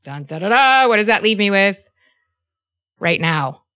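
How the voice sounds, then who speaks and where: A woman in her fifties with a bright, clear voice and a middle pitch, hosting a relaxed podcast chat. She speaks earnestly and haltingly, stumbling over her starts, then slips into acted-out quotes. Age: 50s. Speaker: podcast host. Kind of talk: casual conversation.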